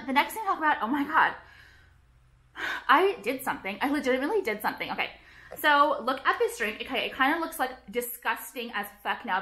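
A woman's voice: a little high, sharp tone. A woman vlogging at home, chatting to camera in a dramatic, profane rant full of "like". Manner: fast, profane, dramatic rants with constant "like". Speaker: beauty vlogger. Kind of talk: casual chat to camera.

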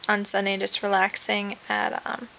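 A woman's voice: mid-range voice, completely flat delivery, moderate pace, vocal fry, sharp tone, slight background noise, low-quality recording. A young woman vlogging casually from her bed, rambling with lots of fillers and trailing asides. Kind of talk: casual webcam vlog. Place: sitting in bed at home. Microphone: webcam.

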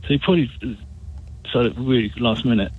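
A man's voice: medium pitch, fast, slight background noise. A man calling into a radio phone-in, rambling and restarting as he makes his point. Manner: rambling, hesitant, full of restarts. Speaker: caller. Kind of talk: phone-in call. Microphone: telephone. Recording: tinny phone line.

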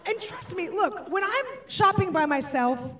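A woman performing a stand-up comedy set, animated and switching between voices. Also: extremely high pitch, unhurried, far from the mic, a faint crowd. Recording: live stage, off-mic, audience laughter.

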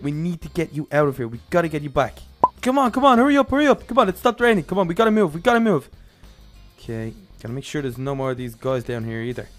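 Staying in character, this young role-play host calls out every move of the game in a slightly high voice. He grows loud and thrilled as the action picks up.

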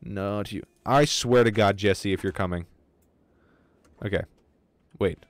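A man streaming a game live, with casual, excitable commentary, lots of swearing and remarks aimed at his chat. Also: fairly low pitch, unhurried, dry recording. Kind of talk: casual livestream gaming commentary.

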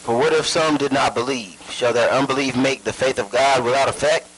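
A man reads scripture aloud in a husky, mid-pitched voice. His delivery stays steady and measured from verse to verse. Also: poor audio. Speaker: scripture reader.

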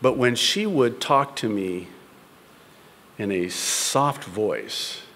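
Man preaching, from shouts to whispers. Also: animated, drawn-out words, big-room sound, a little hiss or hum. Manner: swings from loud, high exhortation to soft whispers. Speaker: pastor. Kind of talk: sermon. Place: church before a live congregation.

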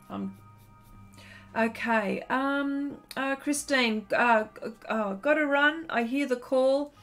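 A woman hosting a live painting stream, chatting casually and laughing as she reads comments aloud. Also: high voice.

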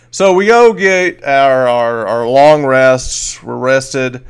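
A man narrating as game master, casual and halting with many fillers. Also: medium pitch, clear, resonant tone.

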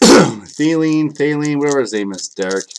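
A man's voice: on the high side, animated, moderate pace, creaky, background noise. A man with kids, a bit sick, hosting a live card break in a casual, joking way and talking to viewers by name. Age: adult, has kids. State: a bit sick, clearing throat.

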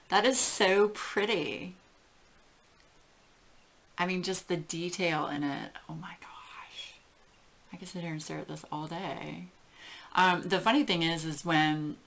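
A woman hosting a casual craft unboxing, gushing and getting emotional with breathy exclamations. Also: low voice, a bit bright. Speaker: craft channel host.

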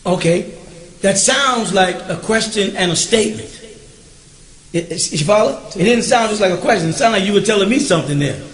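A man's voice: high voice, animated, fairly quick, reverberant. A man teaching a recorded question-and-answer class, speaking emphatically and often checking that his listeners follow him.

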